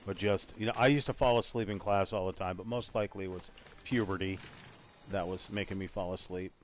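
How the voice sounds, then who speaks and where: A man's voice: sits low, steady tone, a little fast, slight background noise. A man hosting a casual gaming talk show, rambling and trailing off as he talks. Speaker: podcast host. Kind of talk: casual chat while gaming.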